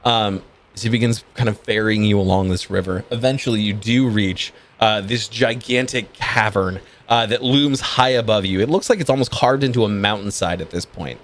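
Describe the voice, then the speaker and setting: Low-voiced man narrating a tabletop game. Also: moderate pace. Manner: descriptive, relaxed, with frequent ums and uhs. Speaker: game master.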